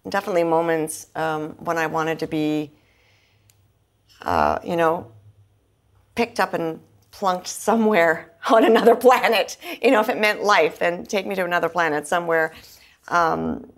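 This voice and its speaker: Her voice lowish and her intonation lively, a middle-aged singer-songwriter talks at normal speed in a candid conversational interview. She goes on earnestly and at length, with plenty of fillers and restarts as she explains.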